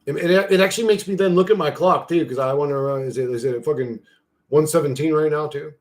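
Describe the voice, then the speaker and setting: A man's voice: on the high side, fast talker. A man hosting his own channel, chatting loosely and profanely to himself while he tinkers at his computer. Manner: loose, profane, talks to himself while clicking through an image generator. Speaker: channel host. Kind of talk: casual rambling chat.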